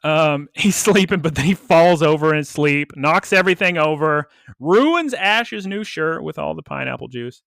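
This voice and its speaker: A man co-hosting a casual podcast, animatedly retelling a cartoon episode with quick quoted voices and laughs. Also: on the high side, expressive, gravelly, a bit bright, dry recording, studio quality. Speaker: podcast co-host.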